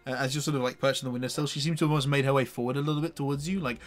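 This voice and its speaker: A man's voice: mid-range voice, steady tone, rapid-fire, faint music behind. A man narrating as game master of a tabletop game, with hesitant phrasing and lots of fillers. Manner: hesitant, full of fillers like "sort of".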